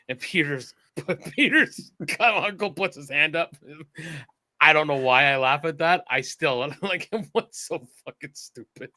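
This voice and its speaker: A man from Texas co-hosting a casual podcast, rambling and animated and swearing a lot. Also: medium pitch, a little slow. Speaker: podcast co-host.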